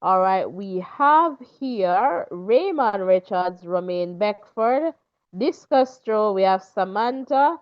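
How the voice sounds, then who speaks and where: Woman host, slow and unhurried, smooth voice, dull lo-fi sound; reads name lists casually. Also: mid-range voice, expressive. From Jamaica. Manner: reads lists of names, with fillers. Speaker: show host. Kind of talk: casual talk show commentary. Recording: dull lo-fi recording.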